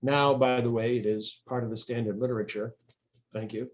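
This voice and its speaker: Man, author in an interview, mid-pitched voice, rambling storyteller, restarts sentences. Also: fairly even intonation, normal speed, a little hiss or hum. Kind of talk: casual interview talk.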